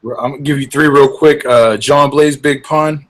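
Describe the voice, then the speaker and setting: A man's voice: mid-range voice, steady tone, moderate pace. A man chatting casually and with amusement while running through favorite rap lines. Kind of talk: casual chat about hip hop lyrics.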